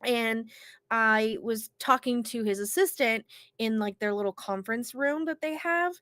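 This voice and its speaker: Animated woman co-host, congested voice. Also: a little high, a little slow, dry recording. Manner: animated storyteller, swears casually. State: congested from illness. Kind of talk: casual podcast chat.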